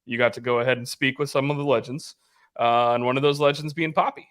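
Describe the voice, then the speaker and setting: A man's voice: medium pitch, fairly even intonation, quick pace, fairly bright tone, clear, resonant tone, no echo, clean studio sound. A man hosting a sports fan podcast, speaking casually with many fillers and handing the floor to a co-host. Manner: hesitant, many ums and uhs, hands the floor over.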